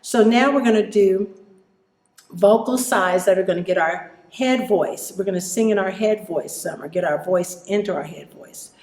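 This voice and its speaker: A woman teaching children a vocal warm-up, encouraging them and demonstrating exercises. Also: mid-range voice, moderate pace, echoey room. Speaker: music teacher.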